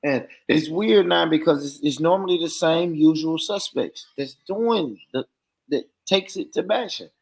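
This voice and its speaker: A man's voice: fairly high pitch, unhurried, gravelly. A man in a casual online discussion, speaking emphatically and repeating his points for stress. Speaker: livestream panel guest. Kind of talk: casual debate chat.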